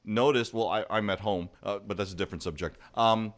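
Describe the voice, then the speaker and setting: A man from Hawaii hosting a livestream interview show, talking in a halting, stammering way. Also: on the low side.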